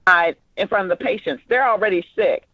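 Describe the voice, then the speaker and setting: Director type, lively and hands-on in rehearsal, muffled dry audio. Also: mid-range voice, fairly quick, no echo. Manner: animated, acts out lines mid-explanation. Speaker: director giving actors notes. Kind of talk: rehearsal notes, casual.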